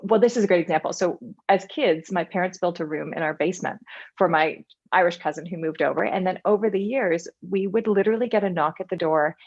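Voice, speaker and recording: Canadian woman guest on a podcast, kinda low voice, animated storyteller, muffled dull recording. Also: a little fast, husky. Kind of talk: casual interview conversation. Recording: dull lo-fi sound.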